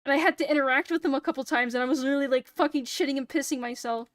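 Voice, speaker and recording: A young woman streamer chats on a close, dry mic, with a high, light voice. She swears freely, laughs easily, and jokes at her own expense. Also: rapid-fire, dry recording. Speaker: VTuber streamer. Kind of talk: casual stream chat.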